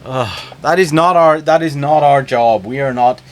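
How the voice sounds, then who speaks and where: A man's voice: medium pitch, normal speed. A man streaming a game, talking casually and jumping between topics with chat. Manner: animated, chatty, jumps between topics.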